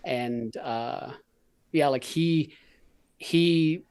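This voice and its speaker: A man's voice: a little high, extremely slow, darkish tone, smooth. A man from Canada hosting a podcast, talking in a laid-back, blunt way with frequent fillers. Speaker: podcast host. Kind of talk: casual conversation.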